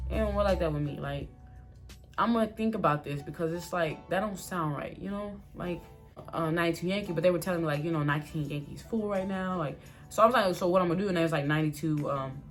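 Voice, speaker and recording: A young woman vlogger telling a casual storytime, animated and full of fillers, quoting herself and others as she goes. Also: deep voice. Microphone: phone or camera mic.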